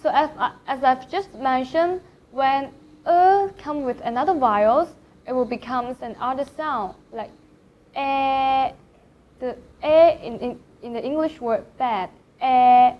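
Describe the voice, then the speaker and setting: A woman with a Thai accent gives a pronunciation lesson in a high voice. She talks unhurriedly and draws out each vowel to demonstrate it. The recording sounds slightly muffled. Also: unhurried. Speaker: Chinese language teacher. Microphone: camera facing the speaker.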